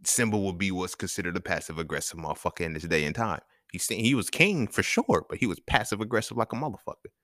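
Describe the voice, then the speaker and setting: Male podcast host, low and animated, blunt and profane, dry close sound. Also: fast talker, hardly any pauses, dry recording. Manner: chuckles between points. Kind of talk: casual monologue.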